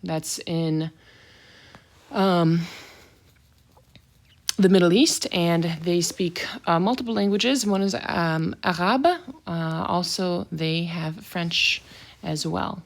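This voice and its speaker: A woman's voice: fairly low pitch, takes it slowly, vocal fry, long pauses. A woman teaching a French vocabulary lesson, saying each word twice, then explaining it in brief asides.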